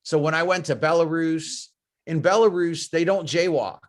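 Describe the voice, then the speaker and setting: American guy lecturing on a webinar, kinda high voice, walks thru examples step by step. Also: moderate pace. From United States. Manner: explains through step-by-step cultural examples, repeating key phrases. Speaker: guest speaker.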